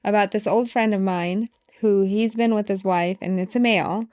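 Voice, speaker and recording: Lively, blunt woman podcast co-host. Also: mid-range voice, moderate pace, dry recording, studio quality. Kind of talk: casual podcast conversation.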